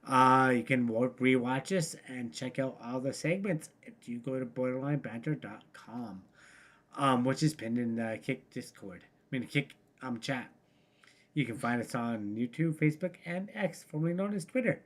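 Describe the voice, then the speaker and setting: A man's voice: medium pitch, moderate pace, fairly bright tone. Laid-back male podcast co-host. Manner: loose, filler-heavy, laughs often. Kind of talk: casual news chat. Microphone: remote call.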